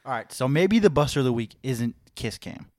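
A man's voice: medium pitch, lively intonation, a little fast, dry recording. A young man co-hosting a loose sports podcast in a slangy, profane way, with lots of bro and dude. His voice sits in a middle register, and the recording is dry and close with no room sound. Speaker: podcast co-host. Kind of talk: casual sports chat.

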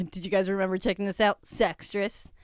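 A woman's voice: mid-range voice, fairly even intonation, normal speed, no echo, studio quality. A woman co-hosting a podcast, telling stories in a playful, giggly casual chat. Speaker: podcast co-host.

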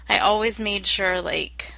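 Slow, bright-voiced young woman chatting. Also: mid-range voice, creaky, poor audio. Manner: slow, hesitant, lots of fillers. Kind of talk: casual chat.

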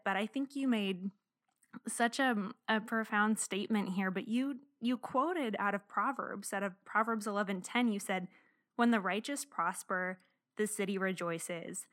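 A woman's voice: medium pitch, a bit bright, dry recording, studio quality. Young woman hosting an interview. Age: young adult. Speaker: show host. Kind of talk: interview talk.

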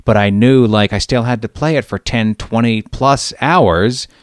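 A man's voice: mid-range voice, unhurried, dry recording, studio quality. A middle-aged man hosting a podcast, telling stories in a wry, exasperated way during casual chat. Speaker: podcast host.

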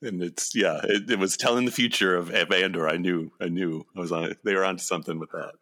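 A male podcast co-host speaks in a low voice with a bright, forceful edge. He chats playfully and leaps up in pitch when he jokes. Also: fairly even intonation, fast. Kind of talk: casual chat recapping a TV episode.

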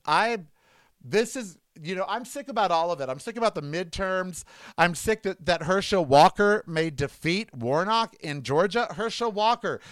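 Indignant rambling man, fairly high voice. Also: a bit bright, no echo. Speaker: vlogger. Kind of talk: casual political commentary. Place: at home.

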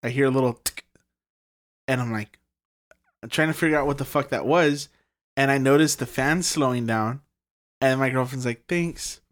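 A young man in casual conversation, telling a long personal story. His speech rambles with constant fillers and frequent swearing, at an ordinary pitch for a man. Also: moderate pace, pauses often. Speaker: podcast guest telling a ghost story.

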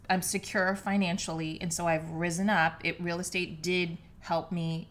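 Low-voiced woman musing on her podcast. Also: a bit bright. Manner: reflective, earnest, with frequent fillers and restarts. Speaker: podcast host. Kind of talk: solo podcast monologue. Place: home living room, seated on the floor. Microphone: podcast microphone.

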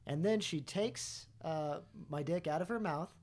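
A man with a slightly higher voice tells a long, rambling story as a podcast guest. He keeps stopping and restarting his sentences in a casual, chatty way. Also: unhurried, a little mellow.

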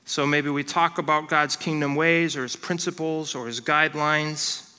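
A man preaching a sermon as pastor, earnest and direct, dropping into soft prayer and light family stories. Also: on the high side, fairly even intonation, normal speed, clear, resonant tone, in a large hall. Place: church hall.

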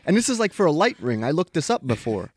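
A man co-hosting a casual podcast, excitable, peppering talk with "dude" and "like". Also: fairly high pitch, fast talker, dry recording, clean studio sound. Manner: excitable, says "dude" and "like" a lot. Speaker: podcast co-host. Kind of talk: casual chat.

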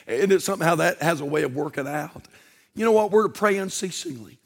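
Male preacher, high voice, chatty and homespun, swells into fiery emphasis. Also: fast, gravelly. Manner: folksy, conversational preaching with rising intensity. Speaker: pastor. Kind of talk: sermon.

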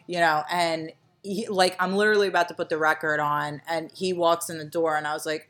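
A young woman co-hosting a casual podcast chat, rambling with lots of fillers and trailing off softly. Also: deep voice, fairly even intonation, a little fast, few pauses. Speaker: podcast co-host.

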